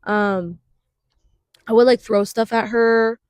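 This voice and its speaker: A woman in her twenties co-hosting a podcast in casual chat, talking fast with many fillers and frequent laughs. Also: a little high, fairly even intonation, a little mellow, clear, resonant tone, no room sound. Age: 20s. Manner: chatty, laughs often, uses many fillers. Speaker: podcast co-host.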